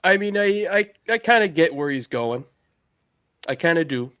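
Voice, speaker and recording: Man talking wrestling, measured. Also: fairly high pitch, animated, a bit bright, clear, resonant tone, no echo, clean studio sound. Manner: measured, hedging. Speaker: podcast co-host. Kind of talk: casual chat.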